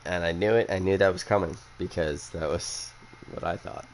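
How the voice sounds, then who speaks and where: A man's voice: low voice, fairly even intonation, normal speed, background noise. A young man hosting a casual chat, who rambles bluntly and swears a lot after a few drinks. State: has been drinking. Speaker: podcast host.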